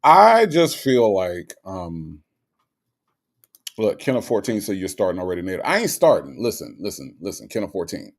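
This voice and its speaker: This commentary channel host talks to his audience in a relaxed, sarcastic way, animated and full of fillers and side remarks. His voice sits low and he speaks at a normal speed.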